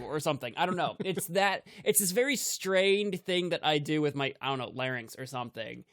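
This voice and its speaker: A man's voice: on the high side, animated, a little fast, few pauses, fairly bright tone, no room sound, clean studio sound. A man co-hosting a casual podcast, self-deprecating and often breaking into laughter. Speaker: podcast co-host and YouTuber.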